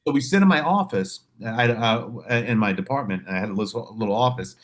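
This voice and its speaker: Guy on a podcast swearing a lot, acts out quotes, pitch jumps all over. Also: fairly quick. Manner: animated storyteller, profane, acts out quotes. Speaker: podcast host, mental health clinician. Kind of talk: casual podcast chat.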